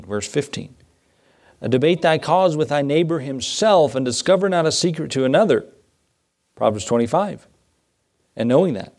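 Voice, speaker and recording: A man preaching a sermon, reading scripture in old-fashioned wording and asking the congregation rhetorical questions. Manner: animated, rising pitch when emphasizing.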